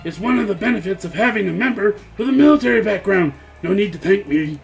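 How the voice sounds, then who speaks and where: A man's voice: sits high, lively intonation, gravelly, soft background music. A man voicing a bossy, self-assured young female witch with a military background, reading a visual novel aloud on stream. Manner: brisk, self-assured, pushy.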